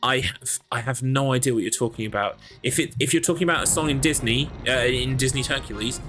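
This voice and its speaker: A man's voice: medium pitch, quick pace, music in the background. A man hosting a livestreamed game race, commentating in a dry, joking way and laughing often.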